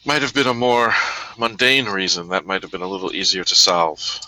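A man's voice: sits low, a little fast, bright, forceful tone, dry recording, poor audio. A man playing a tabletop game, speaking in character in an earnest, formal and resolute way. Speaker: player. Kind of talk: in-character tabletop role-play.

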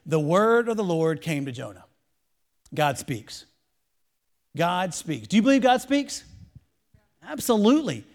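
A young man preaching a sermon, reading scripture aloud and then urging listeners to repeat lines back to him in a casual, energetic way. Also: high-pitched, gravelly. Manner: energetic, calls for congregation to repeat after him; casual preacher talk with restarts. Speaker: pastor.

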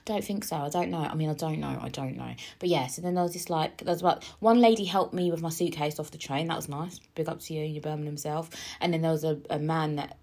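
A woman talks straight to her viewers, rambling through a story with lots of asides and fillers. Her voice is a little husky and sits on the low side. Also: steady tone, fast talker, hardly any pauses, darkish tone. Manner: chatty, rambling, full of asides and filler words. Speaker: vlogger.

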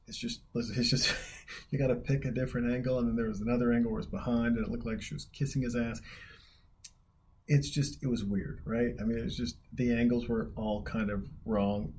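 A man's voice: mid-range voice, darkish tone, slightly rough. A man from Montana hosting a casual reaction video, rambling and jokey with plenty of profanity and trailing restarts. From Montana, USA. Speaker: video host reacting to a film.

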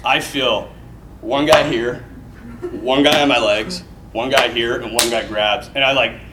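A man telling a story in casual talk, animated, laughing often and acting out the voices of the people in it. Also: medium pitch, unhurried, far from the mic. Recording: echoey room, off mic, faint noise.

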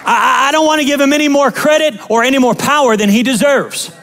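A male pastor preaching a sermon, animated, emphatic and joking with the congregation. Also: very high voice, quick pace, a faint crowd.

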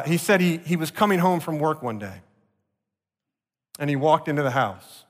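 Man preaching in a reverberant hall. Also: mid-range voice. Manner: earnest preaching, slowing for emphasis. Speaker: pastor. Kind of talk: sermon. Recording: long reverb of a large hall.

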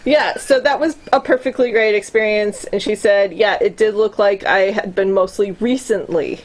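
A woman's voice: mid-range voice, moderate pace, low-quality recording. A young adult woman in casual chat, talking freely with plenty of fillers, swearing and laughter. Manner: chatty and profane, laughs often, many fillers.

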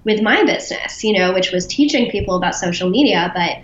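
A woman being interviewed as a business founder, chatty and quick to laugh, with frequent restarts. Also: mid-range voice, expressive, reverberant, lo-fi sound, a little hiss or hum. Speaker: podcast guest, business founder. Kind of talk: casual interview talk.

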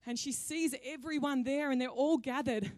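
A woman pastor preaches in a conversational, playful storytelling way. Her voice sits fairly high. The sound is dry and close. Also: normal speed, a little mellow, no room sound. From Australia. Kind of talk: sermon.

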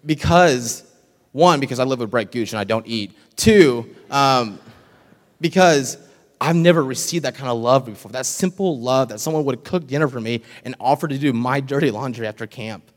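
Earnest young man testifying in a church. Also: mid-range voice. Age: young adult. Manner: earnest and emotional, pausing with ums. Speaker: summer church intern giving a testimony. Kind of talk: personal testimony to a congregation. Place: church sanctuary. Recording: long hall reverb in a church.

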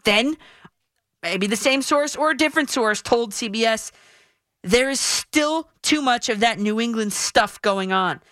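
A woman's voice: mid-range voice, a bit bright, dry recording, studio quality. Emphatic woman sports radio host. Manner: emphatic, punchy delivery. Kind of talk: opinionated sports radio talk.

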